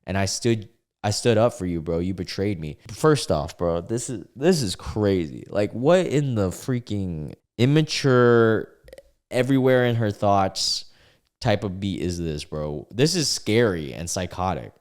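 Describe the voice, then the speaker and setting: A man's voice: on the low side, animated, measured pace. A young man casually reading out online posts and reacting with incredulous comments, as a regular video host.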